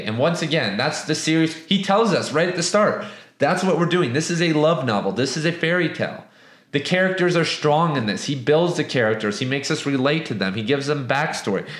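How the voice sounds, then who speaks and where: A young man talks through a book review in a loose, rambling way, swearing freely and restarting his sentences as he goes. His voice sits at a middle pitch. The room around him rings with noticeable echo. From US West Coast. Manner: animated, profane, rambling with restarts. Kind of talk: casual book review and storytelling. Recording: echoey room.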